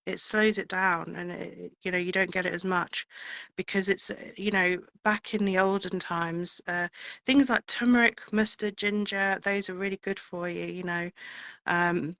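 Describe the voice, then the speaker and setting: A woman's voice: on the low side, fairly even intonation, moderate pace, creaky, a bit bright, no echo, rough recording. A woman singer being interviewed, chatting in a rambling way with plenty of fillers. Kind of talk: casual interview chat.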